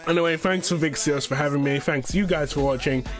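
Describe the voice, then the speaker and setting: A young man narrates a storytime video in a loose, rambling way, cursing casually and stumbling over words. His voice sits a bit high. Music plays clearly under the voice-over. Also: fairly quick. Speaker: YouTuber.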